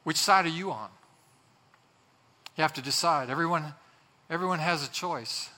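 A man's voice: on the high side, normal speed, pushed and bright. A man preaching a sermon, emphatic, repeating his phrases for effect, then leading a prayer. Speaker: pastor. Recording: long hall reverb.

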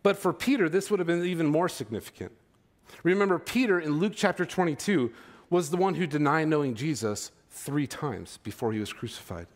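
Animated casual young-sounding preacher man. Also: a little high, fairly quick. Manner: casual, animated, lots of filler words. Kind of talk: sermon.

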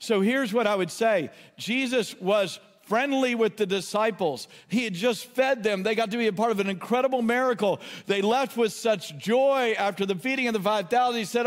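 A man's voice: high voice, animated, moderate pace, big-room sound. A man preaching a sermon as a pastor, impassioned, pleading and exclaiming to his listeners.

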